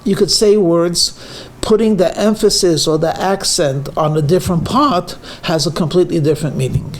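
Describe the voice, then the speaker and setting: Speaking at a normal pace in a high-pitched voice, this man is a rabbi giving his weekly talk, a blend of humor and instruction. He spins stories, drops frequent fillers, and leans on certain words to demonstrate how stress alters what a sentence means.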